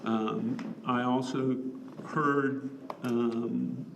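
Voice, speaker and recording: A man chairing a public meeting, measured and summarizing, pausing with fillers. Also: medium pitch, fairly even intonation. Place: council meeting room. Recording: distant mic with clear background noise.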